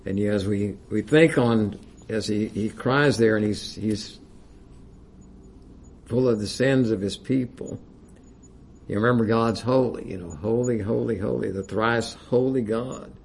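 A man's voice: lowish voice, measured pace, vocal fry, a little mellow, a little hiss or hum. A man preaching a sermon, reading King James scripture aloud with rising emphasis and using frequent "you know" fillers.

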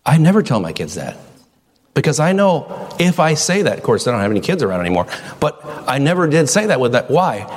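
A man's voice: medium pitch, in a large hall. A middle-aged male pastor preaching a sermon in a conversational way, full of rhetorical questions.

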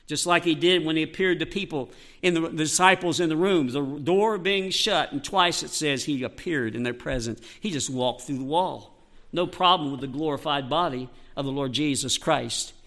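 A man's voice: on the high side, bright, forceful tone. A man preaching a sermon, emphatic and repetitive, quoting scripture verse by verse. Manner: emphatic, quotes scripture, repeats phrases.

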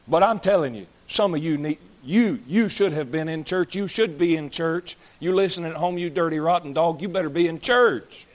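A pastor in his 30s delivers a fiery, blunt, folksy sermon, scolding his congregation and joking with them. His voice is a little high, his pace moderate, and he barely pauses.

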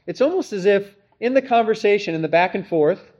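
A man's voice: high-pitched, lively intonation, fairly quick, darkish tone, lo-fi sound. A man preaching an expository sermon, earnest and emphatic, often asking rhetorical questions. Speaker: pastor.

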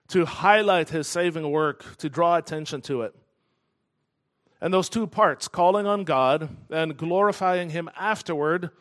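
A man preaching a sermon in an earnest, emphatic way, slowing down to stress key phrases. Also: sits high, fairly bright tone. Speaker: pastor.

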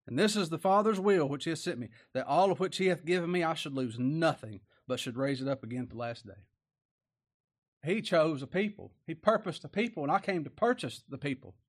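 A man's voice: fairly high pitch, animated, brisk. A male preacher giving a sermon in a folksy, plain-spoken way, driving his points home with repeated rhetorical questions.

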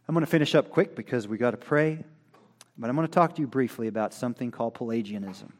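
A man preaching a sermon, rising to loud declarations and dropping to quiet, low asides in a folksy, conversational way while reading from his notes. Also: fast talker. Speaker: pastor.

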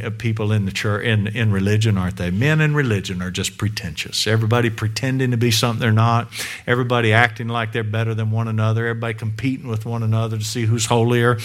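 Speaking in a mid-range voice, a man delivers a sermon to a congregation gathered in a church room. He pushes his points emphatically, poses question after rhetorical question, and moves between loud and quiet passages.

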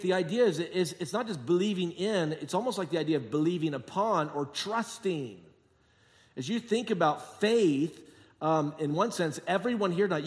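A man preaching a sermon as pastor, telling jokey stories and acting out quotes, moving between quiet asides and emphatic points. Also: a little high. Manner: jokey, sarcastic storytelling with acted-out quotes. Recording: long hall reverb.

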